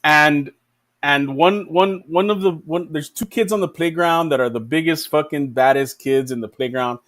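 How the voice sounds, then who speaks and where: A man's voice: fairly high pitch, moderate pace, fairly bright tone. Profane, rambling man in casual chat. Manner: rambling, profane, laughs often. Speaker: podcast host.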